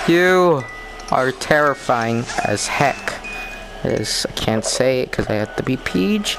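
A young man talking through a horror game in panic, repeating himself and swinging between yelps and low mutters. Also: expressive, takes it slowly. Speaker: gamer playing a horror game. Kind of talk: scared gameplay commentary. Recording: game music playing behind.

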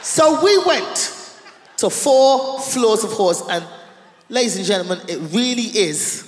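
A woman with a London accent doing stand-up, telling a story with animated pitch swings that build to her punchlines. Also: a little slow. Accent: London English. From London, England. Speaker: stand-up comedian. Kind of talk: stand-up comedy set. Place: large concert venue. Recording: reverberant live venue.

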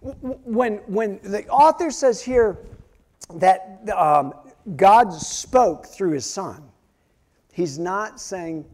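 A male pastor preaching a sermon, telling stories animatedly and acting out quotes, swinging from loud outbursts to hushed near-whispers. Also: sits high, expressive, slow.

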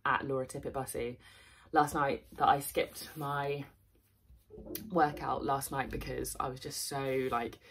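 A woman's voice: rumbling low, level tone, a little slow. A young woman chatting casually to camera at home for her fitness vlog, tired and candid, rambling with fillers and the odd swear. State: tired and low on energy. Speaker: fitness vlogger. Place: at home, indoors.

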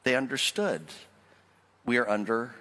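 A man preaching a sermon as pastor, emphatic and animated, asking his listeners questions. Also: medium pitch, measured pace, in a large hall. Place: church sanctuary.

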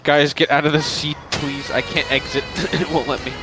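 A man's voice: on the high side, little pitch movement, normal speed, music in the background, low-quality recording. A young man chatting casually with friends while playing a game, joking, swearing and laughing a lot. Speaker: gamer. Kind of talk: casual gaming chat with friends.

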